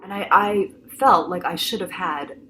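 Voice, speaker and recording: A woman passionately retelling a personal ordeal, slipping into other people's voices as she goes. Her voice sits a little low. A steady background noise runs under the recording. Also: unhurried. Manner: emotional, animated, acts out voices. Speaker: patient telling her story. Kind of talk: dramatic personal storytelling.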